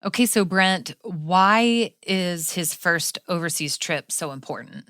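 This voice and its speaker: Female podcast co-host, deep register, easy conversational tone, dry close mic. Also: slow, a bit bright, dry recording. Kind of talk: casual chat.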